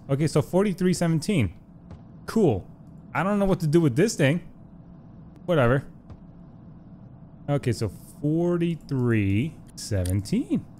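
A man's voice: a little high, background noise. Jumpy young guy playing a game. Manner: jumpy, talks to the game baby, mock insults. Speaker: gaming YouTuber. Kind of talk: let's play commentary. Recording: game music playing behind. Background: game music.

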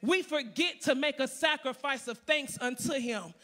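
Forceful, bright-voiced woman preacher. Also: high-pitched, moderate pace, few pauses. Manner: emphatic, repeating phrases, building to shouts. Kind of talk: sermon.

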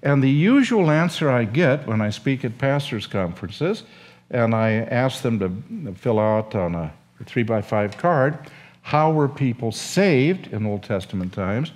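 An older man lectures like a storyteller, taking his time over each phrase. His pitch rises and falls a lot as he acts out the quotes with feeling. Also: a little slow. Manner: animated, emotional storytelling with acted quotes. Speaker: seminary professor.

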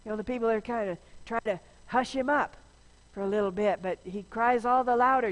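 A woman's voice: a little high, brisk. A woman pastor giving a conversational sermon, chatty and informal, with frequent restarts. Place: large church sanctuary. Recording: long church reverb.

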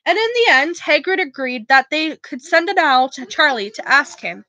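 A woman's voice: high-pitched, expressive, moderate pace, few pauses, sharp tone, no echo. A young woman reading a novel aloud, often stumbling and correcting herself. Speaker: reader.

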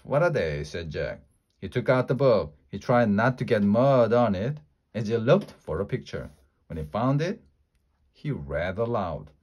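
A man reading a children's chapter book aloud, lightly changing his pitch for the characters' lines. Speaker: storybook reader. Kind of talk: children's story read-aloud.

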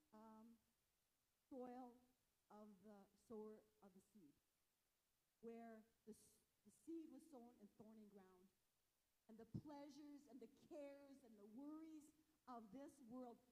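An older woman giving a passionate sermon as guest speaker, fervent and rising to loud exhortation. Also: fairly high pitch, poor audio.

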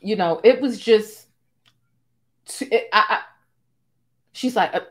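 A young adult woman hosting a live-stream, ranting in a sassy, profane, animated way with asides to her chat. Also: mid-range voice, slow pace. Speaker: host.

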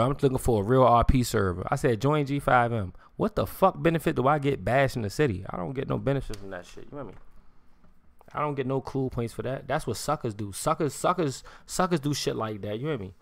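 On a live stream, a man rants in slang-heavy street talk, swearing freely and repeating "you hear me" over and over. His mid-range voice is creaky and animated, and he talks fast. There's no echo.

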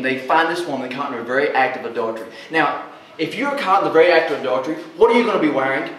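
A man preaching a sermon as pastor, animated and plainspoken, often quizzing his congregation with questions. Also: fairly high pitch, racing, a little hiss or hum. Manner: folksy, plainspoken. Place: large church hall. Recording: echoey hall, voice from far off.

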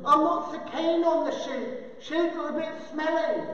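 Brief: man playing a whiny, fed-up apostle with a very high voice, heard from far off in a booming hall. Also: fairly even intonation, measured pace, fairly bright tone. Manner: whiny, comic complaining. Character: exasperated male apostle grumbling at his duties. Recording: echoey hall, distant, dull.

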